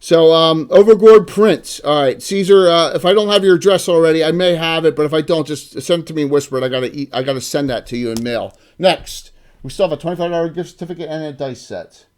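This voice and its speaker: A man from South Jersey, USA, with the accent to match, hosts a livestream as game master and hands out prizes in a loose, joking way, often restarting his sentences. His voice is fairly high and quick.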